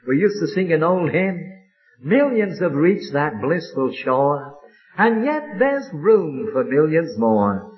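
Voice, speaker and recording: A man preaching a sermon with fervent, drawn-out emphatic phrases, from an old recording. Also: a little high, highs cut off.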